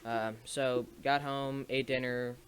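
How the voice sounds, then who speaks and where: A man's voice: mid-range voice, level tone, slow pace, clear, resonant tone, no echo. A young man telling a casual story to camera, rambling with restarts and small laughs. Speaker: streamer and video maker.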